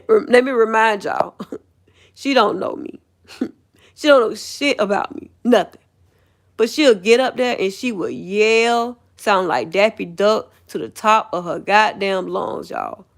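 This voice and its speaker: A woman's voice: medium pitch, slow, vocal fry. A woman livestreaming a heated, profane rant, laughing scornfully as she talks.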